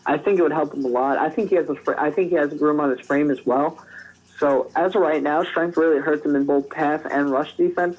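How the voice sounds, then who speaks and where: A man with a fairly high voice co-hosts a casual sports podcast, breaking down prospects in an easy conversational way. He restarts his sentences often. The recording sounds slightly dull. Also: darkish tone. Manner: conversational, frequent restarts and fillers. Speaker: podcast co-host. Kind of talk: casual draft analysis.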